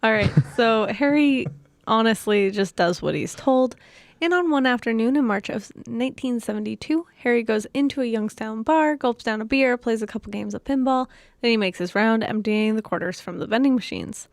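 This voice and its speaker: A woman's voice: fairly high pitch, normal speed, no echo, clean studio sound. A woman co-hosting a podcast, narrating a true story from notes and laughing often.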